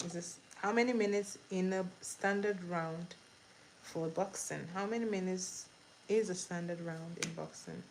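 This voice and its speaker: Against a noisy background, a woman with a lowish voice hosts a casual livestream trivia game while doing her makeup. She goes slowly, repeats each question, greets viewers, and laughs easily.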